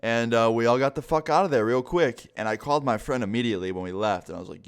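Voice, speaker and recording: A man's voice: medium pitch, quick pace, few pauses, smooth. A young man telling a story in a casual, laid-back way, with plenty of swearing and filler words. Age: young adult. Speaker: vlogger.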